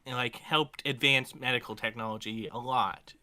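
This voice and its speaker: Blunt, very bright-voiced man. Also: medium pitch, steady tone, normal speed. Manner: blunt and crude, many fillers. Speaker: podcast co-host. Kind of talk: casual commentary chat.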